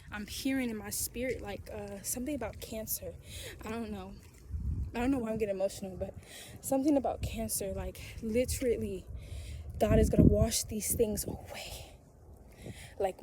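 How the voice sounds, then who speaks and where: A woman preaches with rising fervor, repeating short phrases and calling on her listeners to respond. Her voice is mellow and warm at a middle pitch. A faint hiss of background noise sits under the recording. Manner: repetitive, exhorting, speaks in tongues. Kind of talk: spontaneous prophetic sermon video.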